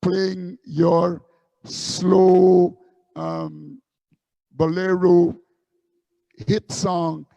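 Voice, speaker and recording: A man's voice: high voice, flat delivery, extremely slow, creaky, pauses often, mellow, dry recording, lo-fi sound. A man from Guyana, a musician guest telling stories in an interview with many fillers and repeats. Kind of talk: interview storytelling.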